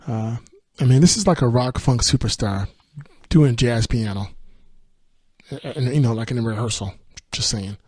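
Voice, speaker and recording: A man hosting a music podcast, chatting casually through an album review, sometimes singing lines of the lyrics, laughing, and rushing through his asides. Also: medium pitch, darkish tone, no echo, studio quality. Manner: sings lyric snippets, laughs often, speeds up on asides.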